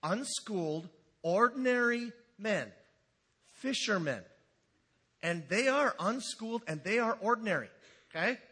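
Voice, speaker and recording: A man's voice: sits high, unhurried, pauses often, slightly rough. A man preaching a humorous sermon, joking and acting out the scripture he quotes. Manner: animated, jokey, acts out quotes.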